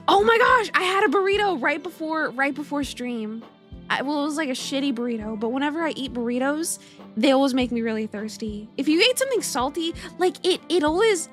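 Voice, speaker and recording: A young woman streaming from home, chatting casually and a little rambling, giggling as she greets her chat by name. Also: sits high.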